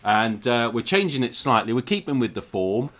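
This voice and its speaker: A man's voice: medium pitch, very animated, normal speed, fairly bright tone. A man co-hosting a screenwriting podcast in a dry, joking, easygoing chat. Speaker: podcast co-host. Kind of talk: casual chat.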